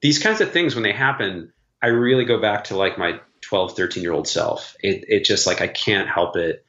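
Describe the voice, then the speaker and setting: A man's voice: on the low side, moderate pace, pushed and bright, reverberant, muffled recording. A middle-aged man who plays guitar, telling stories with enthusiasm in a casual interview. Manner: enthusiastic storyteller, many fillers like "like". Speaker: session guitarist, guest.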